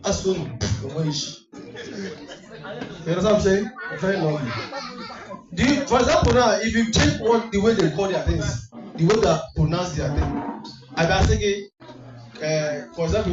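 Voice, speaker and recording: Male MC, playful crowd-teaser, slightly high voice, heard from afar in an echoey hall with music behind. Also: lively intonation, moderate pace, long pauses. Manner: teasing, playful crowd work with frequent laughter. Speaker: event MC and comedian. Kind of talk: live MC banter with crowd. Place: community party hall. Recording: distant echoey hall mic, dull sound. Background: music playing.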